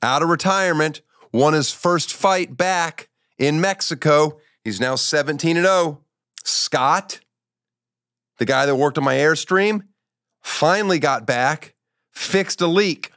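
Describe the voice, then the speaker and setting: Guy hosting a comedy talk show, kinda high voice, wry jokey asides, dry close sound. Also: slow pace, a bit bright, no room sound. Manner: joking, wry, storytelling asides. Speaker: show host. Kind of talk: casual comedic interview and monologue.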